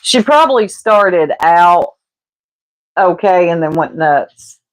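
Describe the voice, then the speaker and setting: A woman's voice: fairly low pitch, expressive, slow. A woman, casually gossiping and laughing with her livestream chat while she cooks. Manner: gossipy, laughing, teasing, addresses chat as y'all. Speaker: livestreamer chatting with viewers.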